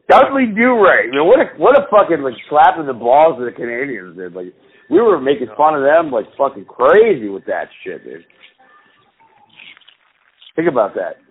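A man's voice: medium pitch, very animated, unhurried, long pauses, husky. A man telling rambling, profane stories in a casual chat with friends. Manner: swearing, rambling storyteller. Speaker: podcast co-host. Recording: tinny phone-like sound.

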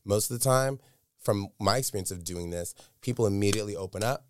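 A man's voice: fairly low pitch, brisk, slight background noise. A man speaking as an interview guest, telling a candid personal story in an earnest, emphatic way and repeating words for stress.

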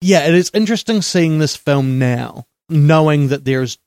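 A man hosting a casual film podcast, chatty, with quick asides and jokes. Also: fairly high pitch, lively intonation, darkish tone, dry recording, studio quality. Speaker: podcast host.

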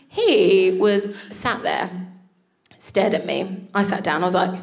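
A woman co-hosting a live show, telling a comic story on stage in an animated way, swearing freely and laughing through her lines. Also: medium pitch, takes it slowly. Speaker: co-host. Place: live venue with an audience.

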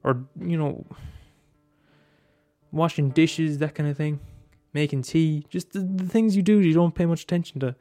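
A man's voice: on the high side, steady tone, moderate pace, dark tone, no room sound, soft background music. A man in a rambling casual monologue, swearing often and restarting his sentences.

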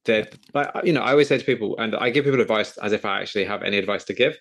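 Fast-talking man with a gravelly voice. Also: lowish voice. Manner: rambling, self-correcting, animated. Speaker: podcast host. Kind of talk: casual interview chat.

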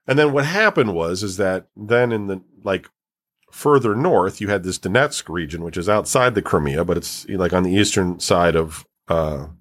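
A man's voice: low-pitched, expressive, normal speed. A man talking in a casual, rambling way, with many fillers and restarts as he explains things at length. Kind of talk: casual chat.

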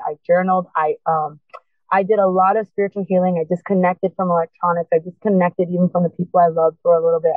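A woman's voice: lowish voice, no echo. A woman guest telling her personal story in an earnest, impassioned way, urging listeners to keep going. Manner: earnest, impassioned, urgent encouragement. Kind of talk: emotional personal testimony. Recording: tinny phone-line sound.

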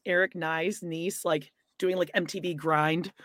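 A woman's voice: on the low side, fairly even intonation, unhurried, a bit bright, dry recording. A woman co-hosting a podcast in casual chat, chiming in with dry, teasing remarks. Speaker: podcast co-host.

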